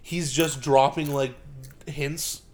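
A young man in casual chat, telling stories in a rambling, crude, animated way. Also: medium pitch, slow.

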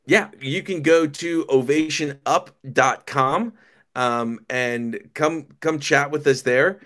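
A man as a podcast guest, talking casually with animated storytelling and stammered restarts. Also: on the high side, slow pace. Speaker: podcast guest, company founder.

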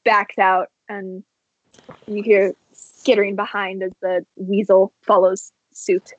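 A woman's voice: medium pitch, flat delivery, takes it slowly, highs cut off. A woman narrating a tabletop game as game master in a matter-of-fact way.

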